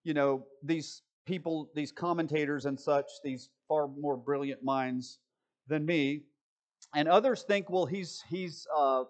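A man's voice: on the high side, unhurried. A man preaching a conversational sermon, full of self-deprecating asides, and often checking in with his listeners. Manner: chatty, self-deprecating asides and frequent "right?" check-ins. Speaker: preacher teaching a Bible study.

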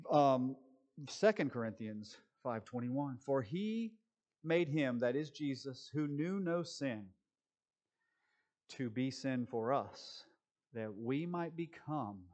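A man preaching a sermon, moving between quick conversational asides and slow, deliberate scripture reading. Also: medium pitch, darkish tone. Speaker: pastor.

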